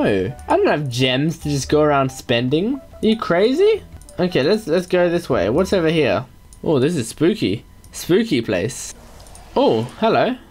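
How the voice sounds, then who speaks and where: A man chatting excitedly through a let's-play video, joking as he goes. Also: a little high. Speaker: gaming video creator.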